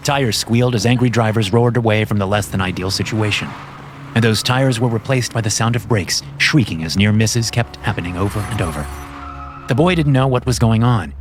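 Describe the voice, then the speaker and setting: A man narrating a horror story in a measured, steady scripted reading. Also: fairly low pitch.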